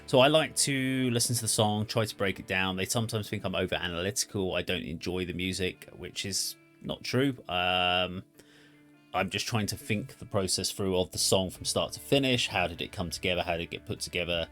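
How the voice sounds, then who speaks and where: A man with a very low voice talks casually about his own channel. He thinks aloud and often corrects himself as he goes. Faint music plays underneath. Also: brisk, a bit bright. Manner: thoughtful, rambling, self-correcting. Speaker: music reaction channel host. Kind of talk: casual spoken commentary.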